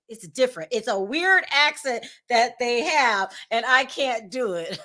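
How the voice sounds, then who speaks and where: Bright, emotional woman vlog host. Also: fairly high pitch, lively intonation, a little slow. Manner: emotional, chatty, talks straight to viewers. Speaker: YouTube gossip show host. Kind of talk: casual live-stream chat.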